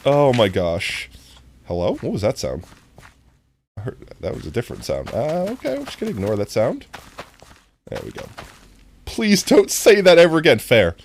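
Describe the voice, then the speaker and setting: Goofy, lively-pitched streamer chatting to chat. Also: moderate pace, gravelly, pauses often, a little hiss or hum. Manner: goofy, rambling, often breaking into high laughter; talks directly to chat. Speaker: live streamer. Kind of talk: casual gameplay stream chat.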